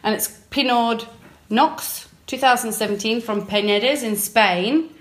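A young woman from England chatting casually as co-host, wry and quick to laugh. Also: fairly high pitch. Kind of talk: casual chat.

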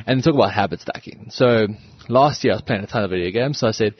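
Male co-host, easygoing, winded, rapid and husky. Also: lowish voice, dry recording. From South Africa. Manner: easygoing, laughs often. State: out of breath. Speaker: podcast co-host. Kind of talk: casual podcast chat. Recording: dull close-miked sound.

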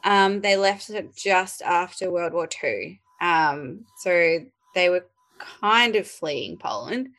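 A woman, a podcast guest, telling family stories in a relaxed chatty way with many fillers. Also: on the low side, slow pace. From Australia. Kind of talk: casual chat.

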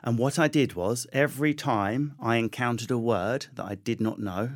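A man being interviewed as a comedian guest, telling stories in a rapid, animated, self-deprecating way with frequent restarts. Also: medium pitch. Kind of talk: conversational interview storytelling.

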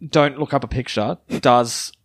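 A man's voice: medium pitch, fairly even intonation, unhurried. A man co-hosting a casual podcast, bluntly chiming in and contradicting. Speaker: podcast co-host and researcher. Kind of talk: casual comedy podcast chat.

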